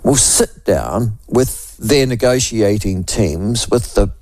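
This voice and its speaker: Hoarse older New Zealand man on radio. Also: on the low side, expressive, slow pace, darkish tone, no room sound. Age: 60s. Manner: rambling and chatty, with many restarts. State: hoarse from a cold. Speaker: radio host. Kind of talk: talk radio monologue. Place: radio studio.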